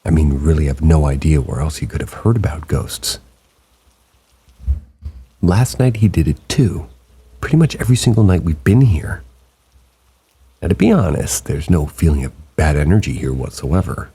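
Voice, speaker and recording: Super deep gravelly guy reading spooky stories slow and hushed, rain falling behind. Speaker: narrator reading submitted stories. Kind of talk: scripted narration of stories.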